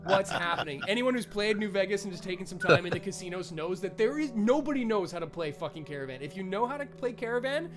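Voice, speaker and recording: A man's voice: high voice, animated, fast talker, few pauses. A man running a tabletop game as game master, rambling and swearing freely. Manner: rambling, frequent restarts and swearing. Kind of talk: narrating a tabletop game live.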